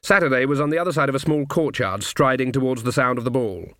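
A male audiobook narrator who tells the story in a measured, wry manner. His voice sits at an ordinary pitch for a man and is recorded close and very dry in a studio, with no room sound. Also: bright, forceful tone, dry recording.

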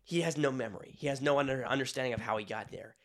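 A young man co-hosting a podcast, joking around and dropping to a hush for dramatic storytelling. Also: medium pitch, racing, slight background noise. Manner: jokey, drops to a hush for dramatic narration. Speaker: podcast co-host. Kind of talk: casual chat, playful storytelling.

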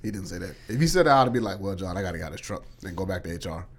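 A man's voice: low-pitched, very fast. A young man co-hosting a casual podcast chat, telling work stories and acting out his coworkers' lines. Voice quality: animated storyteller, acts out coworkers' lines. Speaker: podcast co-host.

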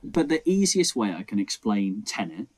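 Animated man ranting about a film. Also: on the low side, normal speed. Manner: animated, acts out scenes in mocking voices. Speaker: podcast co-host. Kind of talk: casual film debate.

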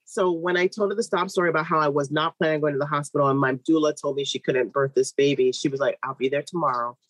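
A woman in her thirties, a midwife, telling a long personal story in an interview with lively, animated delivery and quoted voices. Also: deep voice, quick pace, no echo, low-quality recording.

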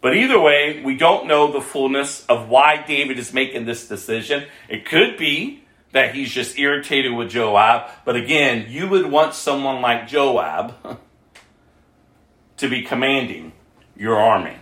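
A man's voice: medium pitch, animated, measured pace, a bit bright, roomy sound. A man preaching a sermon, reading scripture aloud and breaking off to explain it conversationally.

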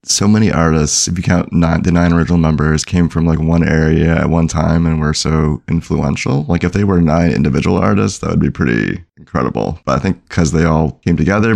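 A man's voice: rumbling low, a little fast, gravelly, few pauses, a little mellow. A man co-hosting a casual hip hop podcast, talking in a laid-back way full of "like" fillers. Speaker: podcast co-host. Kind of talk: casual music discussion.

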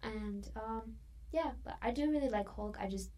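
A woman's voice: fairly high pitch, moderate pace, dark tone, slight background noise. A woman guest in a casual chat, talking in a chatty way with many fillers and sometimes dropping to a whisper.

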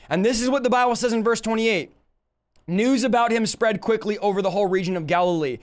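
A man's voice: high-pitched, fast. A man preaching a live-stream Bible teaching, emphatic and full of rhetorical questions to his audience.

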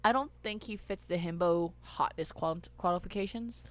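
A woman's voice: lowish voice, moderate pace, no room sound. A woman in casual chat, recapping a movie scene by scene, with loose, profane asides. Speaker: podcast co-host.

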